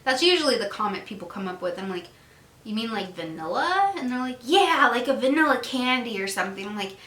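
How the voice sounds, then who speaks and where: Woman, beauty vlogger, casual chatty review, bright tone, echoey home room. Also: a little high, very animated, fairly quick. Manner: chatty, giggly, acts out little dialogues. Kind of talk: casual product review chat.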